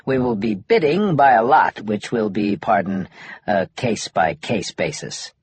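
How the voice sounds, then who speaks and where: A polished, businesslike executive addressing a room, husky and low-voiced, read by a male narrator. The read is dry and close. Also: expressive, a little slow, dry recording, heavily acted. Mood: formal. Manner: formal, businesslike. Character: smooth male corporate executive, formal.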